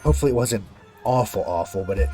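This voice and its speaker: A man's voice: lowish voice, expressive, fast, music in the background. A man streaming a video game, chatting casually with viewers and swearing when a fight goes badly. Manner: talks to viewers while playing. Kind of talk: casual gameplay commentary.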